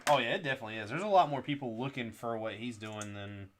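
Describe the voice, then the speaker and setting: A man co-hosting a casual building live stream, reading viewer comments aloud and bantering in a relaxed way. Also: medium pitch, fast, noisy background.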